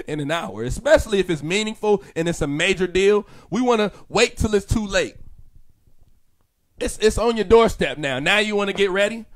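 A man giving a motivational ministry talk in a lively, repetitive preaching manner, laughing often and now and then acting out other voices. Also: high voice. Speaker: ministry speaker.

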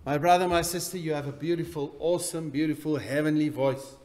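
A man preaching a sermon in a church, swinging between loud emphatic bursts and quiet, intense passages. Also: a little high, steady tone, fairly quick. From South Africa. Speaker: pastor.

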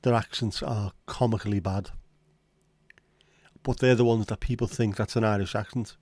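Sweary man, low mellow voice. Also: steady tone, normal speed, no room sound. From Liverpool, England. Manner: sweary, sarcastic banter. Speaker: livestream host. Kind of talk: casual livestream chat reading viewer comments.

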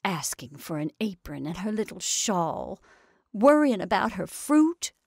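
A woman voicing a stout, blunt farm wife who speaks firmly and more loudly than the narration. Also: medium pitch, sing-song, measured pace, vocal fry, slightly rough, no echo, studio quality, heavily acted. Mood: stout, indignant. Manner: firm, forceful, louder than narration. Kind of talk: reading a short story aloud.

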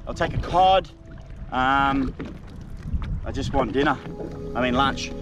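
A man's voice: mid-range voice, slow pace. A man, chatting to himself and his camera while fishing outdoors, muttering when frustrated. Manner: self-talk, frustrated muttering. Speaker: fishing vlogger. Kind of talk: casual spearfishing vlog. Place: outdoors on the water. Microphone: GoPro camera. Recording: dull lo-fi action-camera audio with music.

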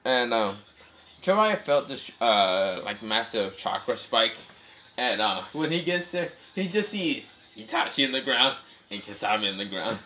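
Bright-voiced man rambling through a story. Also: mid-range voice, sing-song, a little slow. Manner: rambling, swearing, many fillers and self-corrections. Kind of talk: casual improvised fan-fiction storytelling.

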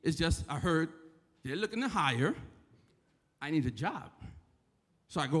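A man's voice: a little high, animated, unhurried, pauses often, fairly bright tone, husky. A man from the Bronx with a New York accent, giving a casual sermon in church and often asking "right?". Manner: conversational, repeats "right?" to the crowd. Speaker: church member giving a talk. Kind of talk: informal sermon. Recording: echoey church hall.

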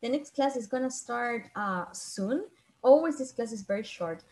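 A woman's voice: on the high side, animated, darkish tone. Woman teacher, online class over video call, patient and repetitive. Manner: patient, repeats and translates phrases slowly.

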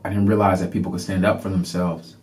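A man hosting a podcast, telling a personal story in an animated way and acting out the people in it. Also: deep voice, quick pace, a little hiss or hum. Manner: animated, laughing, reenacts people. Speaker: podcast host.

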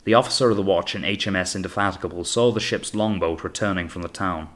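Male narrator, low voice, measured novel reading. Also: a bit bright. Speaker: audiobook narrator. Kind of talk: scripted narration.

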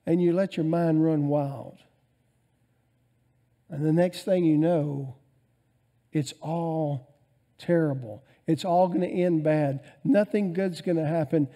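Animated pastor, high mellow voice. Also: male voice. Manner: animated preaching, swings between loud emphasis and quiet asides. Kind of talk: sermon.

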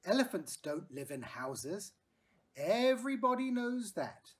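A woman voicing a practical mother who calmly brushes off her daughter's story, speaking firmly and slowly. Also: mid-range voice. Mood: dismissive.

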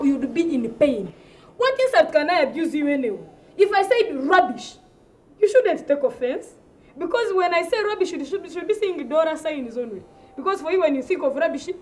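A woman's voice: high voice, expressive, a little fast, a little hiss or hum. A woman from Uganda with a Ugandan English accent, performing a comedy sketch with an indignant, ranting delivery that repeats itself for effect.

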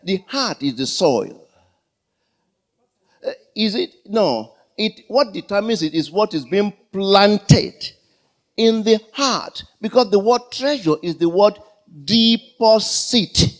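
Male pastor, high voice, unhurried delivery; sermon with call-and-response and acted-out dialogue. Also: expressive. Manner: call-and-response questions to the congregation; acts out comic dialogues. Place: church.

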